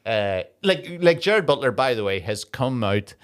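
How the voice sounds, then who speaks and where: A man's voice: mid-range voice, sing-song, smooth. A man with an Irish accent co-hosting a comedy podcast, rambling and swearing as he mocks a film in casual chat. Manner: rambling, sweary, quick to mock in put-on quotes. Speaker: podcast co-host.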